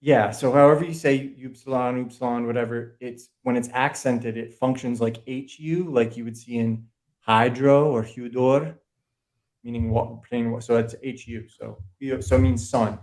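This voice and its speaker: Man, mid-pitched voice, podcast guest, casual, self-correcting. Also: steady tone, darkish tone. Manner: quick, self-correcting explainer.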